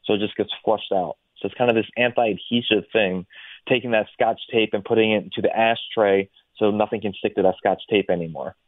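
A man's voice: lowish voice, steady tone, fairly quick, dry recording. A man in a casual interview, explaining medical ideas at length with frequent fillers and restarts. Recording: dry, phone-like line.

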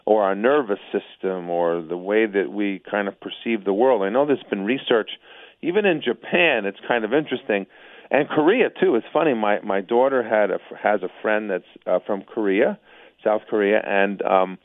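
A man with a lowish voice hosts, asking questions in a musing, loosely phrased way. His voice comes through a thin, phone-like line in a dry room. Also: moderate pace, no room sound. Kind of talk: casual interview questions.

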